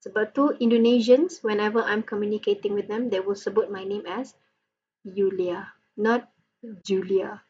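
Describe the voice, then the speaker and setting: A woman's voice: mid-range voice, fairly even intonation, brisk, hardly any pauses, darkish tone, recorded from a distance, highs cut off. A woman with a Malaysian accent giving a phonetics lecture, playful and switching between Malay and English as she demonstrates sounds. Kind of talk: recorded online lecture.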